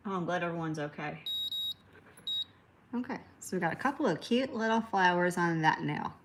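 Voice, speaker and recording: A woman's voice: lowish voice, expressive, moderate pace, noisy background. A woman hosting a live nail art tutorial, chatting casually, answering viewer comments and laughing easily. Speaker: nail art livestream host.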